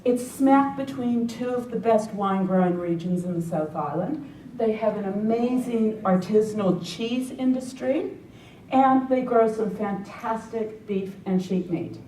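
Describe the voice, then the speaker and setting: A woman's voice: measured pace, mellow. A middle-aged woman with a New Zealand accent giving a conference talk, with wry, sarcastic asides. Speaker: conference presenter. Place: conference hall. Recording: echoey hall from far off, faint rumble.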